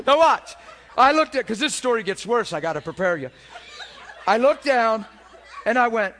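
A man's voice: extremely high pitch, normal speed. A middle-aged man preaching a storytelling sermon, acting out voices and crying out in places. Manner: animated, acts out voices and cries out.

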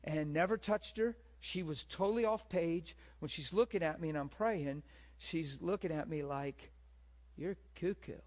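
A man's voice: on the high side, moderate pace, darkish tone. A man preaching a sermon to a live audience, telling stories and asking the room questions. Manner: storytelling, asks the room questions.

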